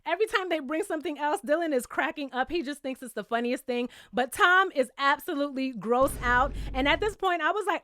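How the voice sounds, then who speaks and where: A woman with a high, bright voice recaps a reality show in a sassy, blunt way, swearing and laughing as she goes. Her voice sounds dry and close to the mic, with no room echo. She talks straight to her viewers and calls them "child". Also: fairly quick, hardly any pauses. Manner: swears freely and laughs at her own jokes. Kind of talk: casual episode recap and review.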